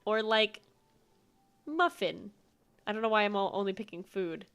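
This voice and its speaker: Brief: young woman gaming streamer, rambling and chatty, medium pitch, lots of fillers. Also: animated, moderate pace, gravelly, fairly bright tone, smooth, faint music behind. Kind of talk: casual gameplay commentary.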